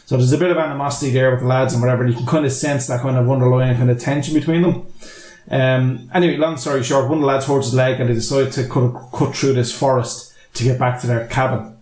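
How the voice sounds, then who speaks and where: A man's voice: medium pitch, steady tone, fast talker, darkish tone, reverberant. A man co-hosting a casual movie podcast, telling a long film plot in a rambling way and swearing freely. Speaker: podcast co-host.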